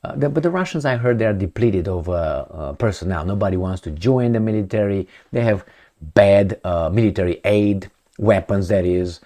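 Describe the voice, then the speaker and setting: A man giving sarcastic political commentary with non-native phrasing, animated and fond of mouthing sound effects. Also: fairly low pitch, normal speed.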